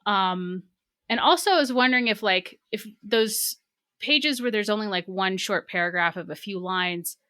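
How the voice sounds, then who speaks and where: A woman's voice: medium pitch, moderate pace, a bit bright, clean tone, no room sound, studio quality. A woman co-hosting a book club podcast, talking casually and animatedly with many restarts. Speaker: podcast co-host.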